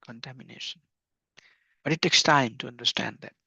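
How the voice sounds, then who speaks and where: Middle-aged male teacher, earnest, gravelly, dull dry lo-fi recording. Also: mid-range voice, normal speed, sharp tone, no echo. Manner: earnest, repeats phrases, chuckles. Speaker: spiritual teacher. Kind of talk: devotional class lecture.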